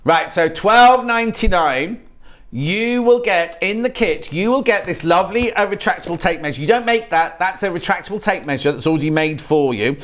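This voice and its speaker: Chatty British shopping channel presenter. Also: male voice, high voice, lively intonation, moderate pace, fairly bright tone. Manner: chatty, rambling sales patter with restarts. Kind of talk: live TV product demonstration. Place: TV studio.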